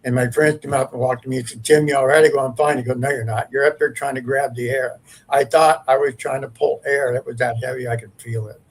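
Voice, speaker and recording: A man's voice: medium pitch, fairly even intonation, fast, rough recording. A man, a paranormal investigator, telling a long ghost story in a rambling, earnest, casual way.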